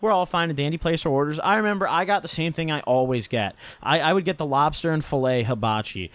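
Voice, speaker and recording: A man's voice: fairly high pitch, fast talker, fairly bright tone, no room sound. A young man telling a casual storytime in a slangy manner, swearing often and tagging lines with "right?" and "dude". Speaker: vlogger.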